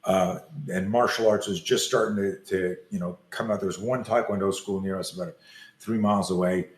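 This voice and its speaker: Animated man telling a story. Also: low voice, moderate pace, echoey room. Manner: animated storyteller acting out scenes and screams. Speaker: self-defense coach. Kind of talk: storytelling in an interview.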